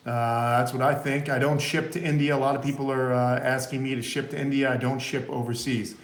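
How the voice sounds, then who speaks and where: A man's voice: medium pitch, little pitch movement, fairly quick. Chatty, sniffly man vlogging from home. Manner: loose and chatty, many "uh" fillers. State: sniffly from a runny nose. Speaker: tortoise breeder and vlogger. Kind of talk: casual live vlog. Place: at home in Florida, indoors and by the front of his house. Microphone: phone camera, partly in selfie mode.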